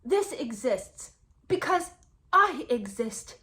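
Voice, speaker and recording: A woman putting on a slow, theatrical voice to mock a melodramatic young woman. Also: sits high, big pitch swings, a bit bright, full character voice. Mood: mock tragic.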